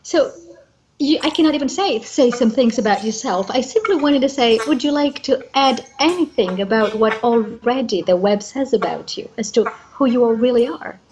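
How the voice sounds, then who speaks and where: A woman co-hosting a casual chat show. Her voice sits a little high, and she gushes with excited exclamations. Faint noise runs underneath. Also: moderate pace, poor audio. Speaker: guest co-host.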